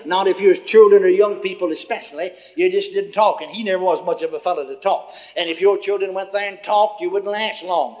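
Older preacher, high voice, folksy testimony with chuckles, muffled lo-fi tape. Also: male voice, a little fast, few pauses, darkish tone, slight background noise. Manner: folksy storytelling, chuckling asides, many "you see". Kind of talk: sermon testimony. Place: church gathering before a congregation. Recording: muffled lo-fi recording.

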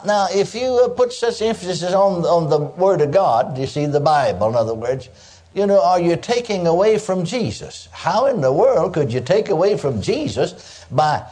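An older man preaches in a homey, animated style, sprinkling praise asides through his points. His voice sits fairly high for a man, with a warm, mellow tone. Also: moderate pace. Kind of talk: sermon.

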